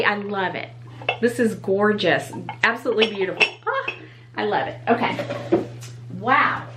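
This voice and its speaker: A woman's voice: fairly high pitch, a bit bright, a little hiss or hum, low-quality recording. A woman hosting a casual unboxing vlog, gushing and exclaiming in delight as she talks straight to her viewers. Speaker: YouTube channel host.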